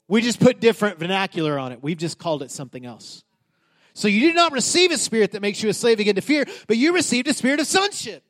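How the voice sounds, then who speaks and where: A male pastor in his thirties delivers a sermon in a conversational but emphatic style. His voice sits high for a man. He often stumbles and restarts his phrases as he pushes his points. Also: sing-song, quick pace, fairly bright tone. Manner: casual, emphatic, with frequent restarts.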